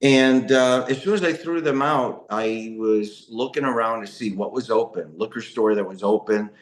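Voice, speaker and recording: A man speaks at a middle pitch and tells his own story of addiction and recovery. He is emotional and rambling, full of restarts and fillers. His voice carries a roomy echo. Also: normal speed. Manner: emotional, rambling, frequent restarts and "you know". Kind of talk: personal testimony talk.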